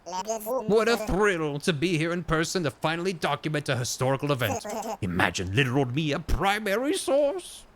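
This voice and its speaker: A man's voice: fairly high pitch, sing-song, normal speed, a bit bright, pitched above the performer's own voice. A man voicing a fussy, thrilled gnome chronicler in a video game, prim and full of wonder.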